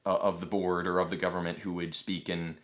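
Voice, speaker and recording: Deep-voiced man hosting a chatty podcast. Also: flat delivery. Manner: measured, explanatory, asks the others questions. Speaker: podcast host. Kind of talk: casual podcast discussion.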